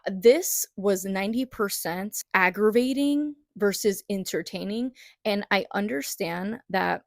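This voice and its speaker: Animated woman with a gravelly edge. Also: mid-range voice, dry recording, clean studio sound. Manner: animated, dramatic retelling with quoted reactions. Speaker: book vlogger. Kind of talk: casual chat.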